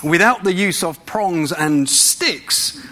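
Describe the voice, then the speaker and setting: A man's voice: sits high, lively intonation, slow pace, sharp tone, a little hiss or hum. A man preaching a sermon in a church, conversational and full of rhetorical questions.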